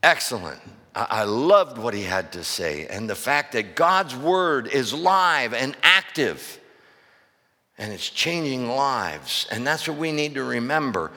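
A man's voice: mid-range voice, very animated, unhurried, bright, forceful tone. A middle-aged man, a pastor, preaching a sermon in a church with emphatic questions to the congregation. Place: church sanctuary. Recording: long hall reverb.

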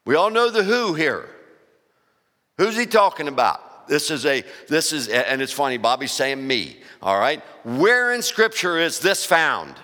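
A man's voice: fairly high pitch, sing-song, unhurried, sharp tone. A male pastor preaching a sermon, asking the congregation questions and building emphasis. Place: church sanctuary. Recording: long church reverb.

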